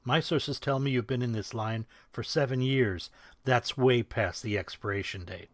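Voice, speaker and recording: A man's voice: medium pitch, moderate pace, no room sound, natural voice. A man doing a crude taunting mob fixer. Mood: probing. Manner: gruff, taunting, chuckling. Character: menacing male mob fixer, smug and crude.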